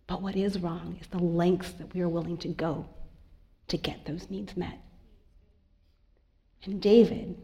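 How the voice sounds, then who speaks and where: A woman pastor giving a sermon in a church, earnest and confiding, moving between soft asides and emphatic lines. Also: on the low side.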